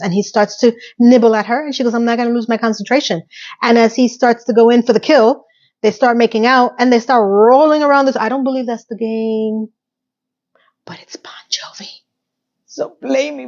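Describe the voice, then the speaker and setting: A woman's voice: on the high side, a little mellow, dull audio. A woman casually recapping a TV episode, chatty and sassy, acting out the characters' quotes. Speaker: recap host.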